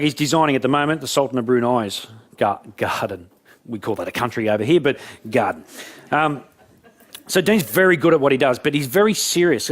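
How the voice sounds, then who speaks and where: A man giving a talk, telling jokey stories in an animated way. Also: medium pitch. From Australia. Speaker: motivational speaker. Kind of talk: storytelling keynote talk.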